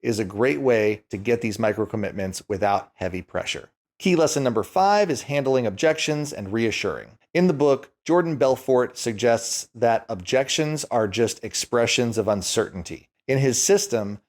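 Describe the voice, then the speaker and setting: A man narrates a video lesson on sales in a steady, measured way. His voice sits at an ordinary middle pitch, neither deep nor high. He lays each point out plainly for viewers. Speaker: YouTube educator. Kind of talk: scripted explainer narration.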